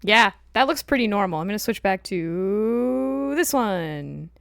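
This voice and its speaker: A woman's voice: medium pitch, a little slow, vocal fry, smooth, dry recording, clean studio sound. A woman hosting a livestream, chatting casually and telling stories with lots of laughter. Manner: laughs often, animated storytelling. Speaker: streamer host.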